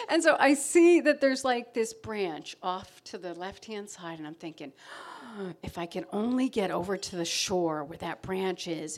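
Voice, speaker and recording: A middle-aged woman telling a self-mocking story live on stage before an audience, acting out her own panic. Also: medium pitch.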